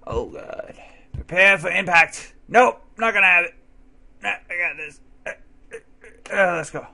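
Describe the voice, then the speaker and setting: Here a young man's voice sits high and gravelly, moving at a measured pace as he commentates his gameplay. This excitable let's play gamer yelps and swears at the game, chatting to his cat between runs.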